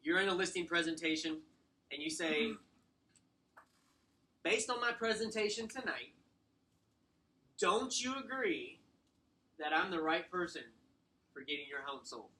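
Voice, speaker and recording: A man giving a sales training talk to a small room, acting out client scripts and slowly stressing short commands. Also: on the high side, expressive, pushed and bright, low-quality recording. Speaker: real estate sales trainer.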